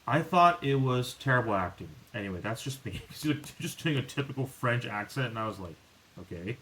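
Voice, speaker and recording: Here a man hosts a podcast, speaking briskly in a medium pitch over a rough recording. The talk is casual and wandering, packed with restarts and fillers, turning animated in moments of exasperation.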